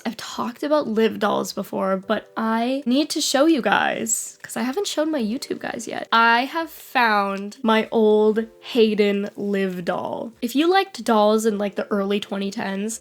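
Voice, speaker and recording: A young woman in her twenties, slightly sick with a cold, chatting casually and unscripted as a channel host, rambling and giggling, saying "like" a lot. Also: a little high. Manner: rambling, giggly, says "like" often. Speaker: YouTube host. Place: indoors under bright lights.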